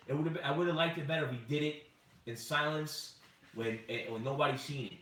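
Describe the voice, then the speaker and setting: A man's voice: mid-range voice, fairly even intonation, fast talker, a bit bright, far from the mic. A man co-hosting a casual chat, earnest and preachy, bringing in his faith. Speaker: podcast co-host. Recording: echoey room, off-mic.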